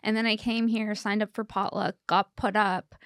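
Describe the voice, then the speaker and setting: A woman's voice: medium pitch, fairly even intonation, normal speed, fairly bright tone, smooth, no room sound, studio quality. A woman in her thirties from the Valley, a comedian and podcast host telling rambling stories in casual chat, often laughing. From the San Fernando Valley, California.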